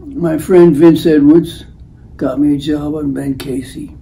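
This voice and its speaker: Brief: older male host, slow rambling storyteller, dark mellow tone, acts out the quotes. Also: fairly high pitch, fairly even intonation, creaky, poor audio. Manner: unhurried, acts out the voices in his stories. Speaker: host telling life stories.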